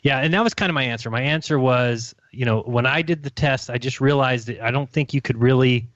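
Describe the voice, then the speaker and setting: A man co-hosting a call-in radio show, chatting in an easygoing way with quick asides. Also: mid-range voice, a bit bright, no echo. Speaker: radio co-host. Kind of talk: casual call-in radio chat. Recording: dull lo-fi sound.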